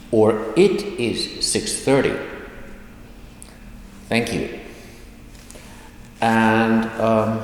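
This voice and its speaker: Male language teacher, low voice, slow and patient explainer, lively pitch, echoey room with long reverb. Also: a little hiss or hum. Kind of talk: online language lesson.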